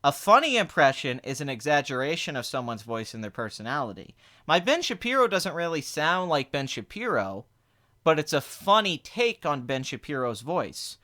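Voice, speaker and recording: A man hosting a casual livestream podcast, rambling quickly and boasting in a mock-serious way. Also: a little high, very animated, pushed and bright. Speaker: podcast host.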